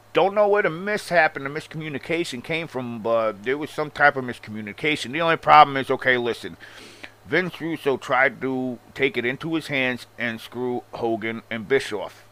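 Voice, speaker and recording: A man's voice: medium pitch, pushed and bright, rough recording. A man hosting a podcast, ranting casually with sarcasm, profanity and a rambling flow. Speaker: podcast host. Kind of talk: casual rant about wrestling.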